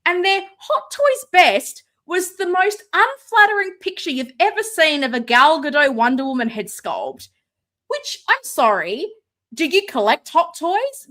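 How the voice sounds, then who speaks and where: A woman hosting a live stream from home, chatting casually, excitable and sarcastic, sometimes shouting. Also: very high-pitched, a little slow. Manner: excitable, sarcastic, loud at times. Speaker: livestream host. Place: home room with ring light. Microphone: no mic close by, computer setup.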